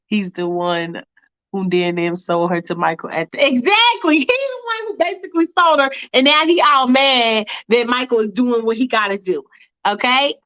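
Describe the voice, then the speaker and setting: A woman's voice: a little high, normal speed, bright, forceful tone. A woman narrating a casual fanfiction storytime with chatty, laughing, slangy asides. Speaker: storyteller and show host. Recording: dull lo-fi recording.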